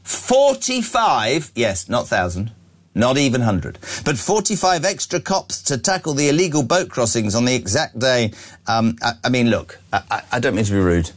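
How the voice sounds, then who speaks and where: A man's voice: mid-range voice, moderate pace. A man presenting opinionated news commentary, sarcastic and jokey. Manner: sarcastic, animated, jokey asides.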